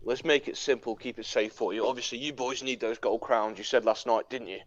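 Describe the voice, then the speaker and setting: A man's voice: mid-range voice, fairly even intonation, brisk, no echo, lo-fi sound. A man playing in a tabletop role-play, eager and persuasive, often talking in character. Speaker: player.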